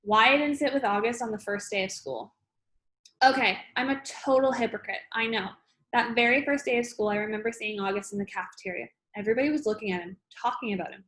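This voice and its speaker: A woman reading a children's novel aloud, plain and steady, with small restarts. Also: a little high, fast talker. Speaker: audiobook reader.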